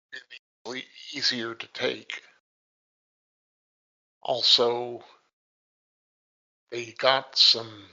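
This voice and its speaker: A man co-hosting a podcast, talking through a classic film in a slow, halting way and restarting his words. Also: mid-range voice, vocal fry, sharp tone, lo-fi sound. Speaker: podcast co-host. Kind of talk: casual film discussion.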